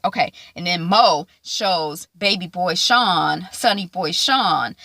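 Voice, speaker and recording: A woman casually recapping a TV episode, acting out the characters' lines in quick asides. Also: mid-range voice, no echo. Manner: animated, acts out quoted lines in quick asides. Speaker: TV show reviewer.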